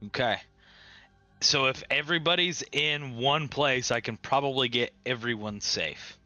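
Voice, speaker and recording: A player talking casually at a tabletop game, animated and joking. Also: mid-range voice, measured pace, muffled recording, faint music behind.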